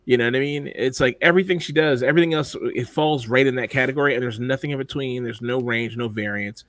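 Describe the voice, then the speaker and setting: A man's voice: mid-range voice, fast talker, a bit bright. Blunt, profane male podcast host. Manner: blunt, profane, rambling with many fillers. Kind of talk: casual chat.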